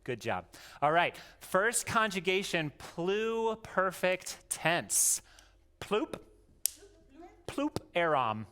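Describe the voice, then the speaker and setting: Slow, smooth-voiced man teaching kids. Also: sits high, big pitch swings, pushed and bright. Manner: goofy, jokey, coaxing. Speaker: homeschooling parent teaching his daughters. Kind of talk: playful lesson for young children.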